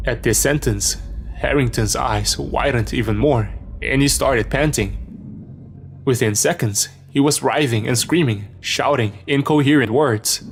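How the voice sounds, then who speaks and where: A man reading a scripted first-person horror story as narrator, in a steady storytelling manner. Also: mid-range voice, a little slow, vocal fry, a little hiss or hum.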